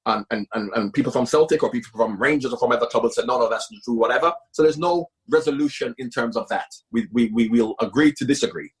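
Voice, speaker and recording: A middle-aged former football manager talks at length as an interview guest in a casual conversation. His mid-range voice runs fast with few pauses, and he's emphatic, repeating things for stress.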